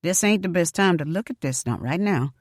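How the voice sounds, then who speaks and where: Woman doing a blunt no-nonsense psychic lady, folksy, sharp-tongued, low voice, dry close sound. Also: lively intonation, a little fast, no room sound. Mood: solemn.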